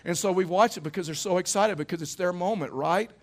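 Storytelling male preacher, slightly high voice. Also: quick pace. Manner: conversational storytelling preacher, rhetorical questions. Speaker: pastor. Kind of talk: sermon. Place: church.

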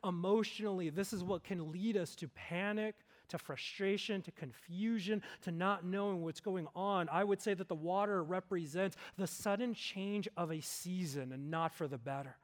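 A pastor with a notably high voice preaches a sermon from the pulpit. His earnest delivery builds to loud, emphatic peaks, then drops low and slow for the weighty lines.

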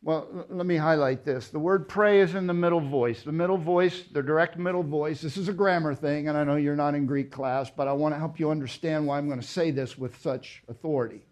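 A man preaching a sermon, emphatic, with rhetorical questions and loud stressed words. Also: on the high side, brisk, few pauses. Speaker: pastor. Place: church.

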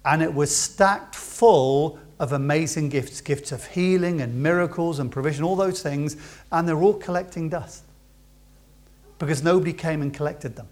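Male pastor, sermon delivery, slightly high pitch, impassioned with big swings in volume. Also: normal speed. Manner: impassioned, swings between loud emphasis and quiet asides. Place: church.

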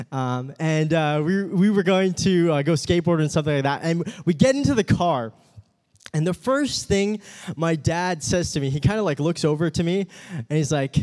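A man giving a casual, humorous sermon as a youth pastor, telling stories in a chatty way with many fillers. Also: fairly high pitch. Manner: chatty storytelling with frequent fillers. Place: meeting room with a live audience.

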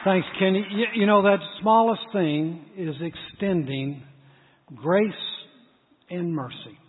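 Husky high-voiced man preaching in a hall. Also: slow pace. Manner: animated, acts out dialogue in story. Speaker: pastor. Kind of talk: sermon with storytelling. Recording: tinny phone-like sound with long hall reverb.

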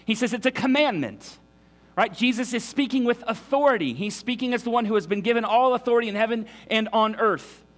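A man's voice: very high-pitched, brisk, fairly bright tone. A man preaching a sermon in an earnest, emphatic way, often restarting his sentences. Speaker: pastor.

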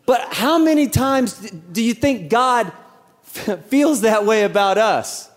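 A man's voice: very high-pitched, lively intonation, a little slow. A man in his thirties preaching a sermon in a church, talking conversationally with rhetorical questions and acting out bits of dialogue. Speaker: pastor. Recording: church hall with long reverb.

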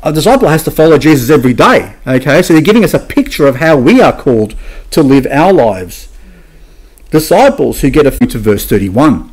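A man with a fairly high voice preaches a sermon in a church. He presses his points hard and keeps asking the congregation rhetorical questions. He often checks in with them as he goes. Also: very animated, fairly quick, a little mellow. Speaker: pastor.

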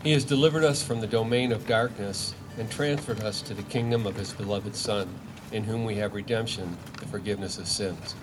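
A man reading a scripture passage aloud in a church service, in a measured, formal way. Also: on the low side, noisy background. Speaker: scripture reader.

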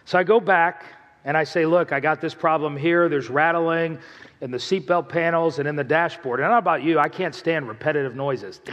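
A man's voice: on the high side, a little fast, a bit bright, big-room sound, highs cut off. A male pastor preaching a sermon, telling stories in a conversational way and asking the congregation questions.

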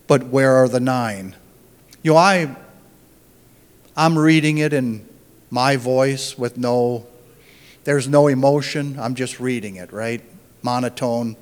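A man's voice: on the high side, big-room sound. A man giving an informal Bible teaching, thinking aloud and often restarting his phrases.

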